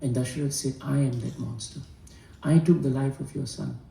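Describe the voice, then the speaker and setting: A man with a dark, gravelly voice tells a devotional tale, earnest and measured. He sits back from the mic in an echoey room, so his words ring off the walls. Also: medium pitch, fairly even intonation, distant mic. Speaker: spiritual storyteller. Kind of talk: devotional storytelling talk.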